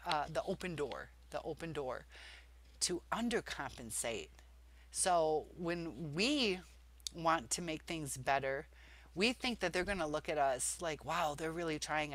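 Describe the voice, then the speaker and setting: A woman's voice: low-pitched, a bit bright. A woman vlogger talking casually about relationships, rambling with many fillers and restarts. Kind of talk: casual advice talk.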